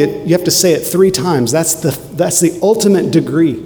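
A man's voice: fairly high pitch, animated, moderate pace, mellow. Fervent male preacher in reverberant hall. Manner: fervent, emphatic preaching with dramatic repetition. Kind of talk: sermon. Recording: long hall reverb, faint noise.

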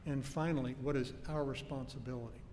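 A man preaching a sermon in an earnest, emphatic way, slowing down to stress key phrases. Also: mid-range voice, steady tone, darkish tone. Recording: faint noise and long hall reverb.

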